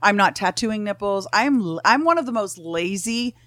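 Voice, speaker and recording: A woman's voice: medium pitch, moderate pace, no room sound, clean studio sound. A middle-aged woman, a podcast guest, telling her own stories in casual chat, blunt and profane, acting out the people she quotes. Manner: blunt, profane, animated storytelling.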